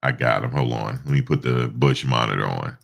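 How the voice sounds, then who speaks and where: A stuffed-up man hosts a casual live stream, his rumbling low voice brisk and creaky. He rambles through stories, filling them with lots of fillers.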